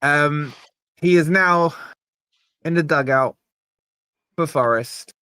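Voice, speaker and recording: A man's voice: on the high side, slow, clean tone, no room sound, clean studio sound. Upbeat man hosting a live stream. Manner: upbeat, reads out super chats with shout-outs. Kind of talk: casual live stream chat.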